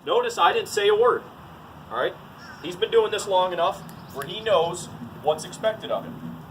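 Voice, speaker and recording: A man's voice: high voice, expressive, moderate pace, far from the mic, a little hiss or hum, rough recording. A man teaching dog training in a casual, to-the-point way, often saying "all right" between steps. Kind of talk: casual outdoor training demo.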